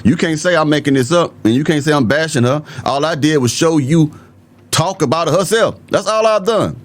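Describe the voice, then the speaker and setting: A man from the Southern United States with a mild Southern accent, hosting an opinionated video commentary and talking bluntly and emphatically straight to his viewers. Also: a little high. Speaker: political commentary host.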